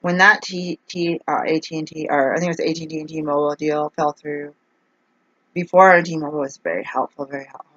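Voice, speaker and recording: A woman's voice: low-pitched, fairly even intonation, fairly quick, a bit bright, no echo. A woman ranting in a casual vlog, rambling and exasperated as she complains. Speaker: vlogger. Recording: dull, dry lo-fi recording.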